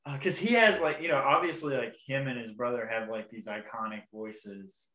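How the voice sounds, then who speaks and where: Young male podcast host, bright, slightly high voice, rambling and laughing, echoey room. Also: moderate pace. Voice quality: describes own voice as weaselly. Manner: rambling, laughing, trying out impressions. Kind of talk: casual chat.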